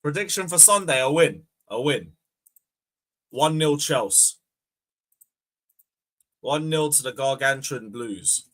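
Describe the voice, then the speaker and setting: A young man hosting a fan livestream, bantering loudly, swearing and taunting viewers. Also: medium pitch, animated, takes it slowly, pauses often. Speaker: fan channel host. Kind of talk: casual livestream chat.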